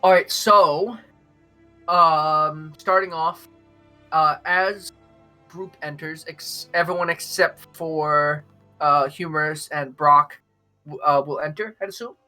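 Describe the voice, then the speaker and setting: A young man running a tabletop game as game master, talking in halting stretches with many fillers. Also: a little high, steady tone, sharp tone, soft background music. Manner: hesitant, many fillers and restarts.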